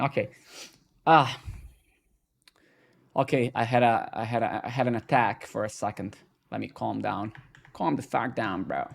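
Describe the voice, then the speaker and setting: A man's voice: mid-range voice, gravelly. Ranting, profane male live-coding streamer. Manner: profane, ranting and joking with chat; fast, excitable, fillers like man and bro. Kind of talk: casual live-stream chat. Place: home desk setup.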